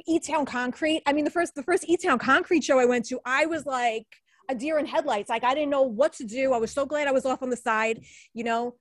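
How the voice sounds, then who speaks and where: In a dry recording, a woman with a slightly high voice talks casually as an alumni guest on a podcast. She's a former radio newscaster in her forties from the New York area with a New York accent, and her speech is full of fillers and frequent laughter.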